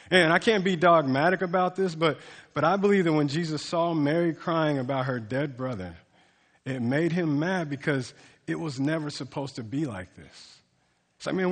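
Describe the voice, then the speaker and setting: A man's voice: on the high side, big-room sound. A man preaching a sermon as pastor, in a casual, conversational way with frequent restarts and fillers.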